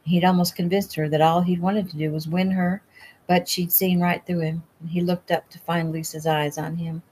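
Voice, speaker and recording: A woman reading her own novel aloud at home in a relaxed, conversational way. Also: low-pitched, normal speed, a little hiss or hum, poor audio. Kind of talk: casual audiobook reading.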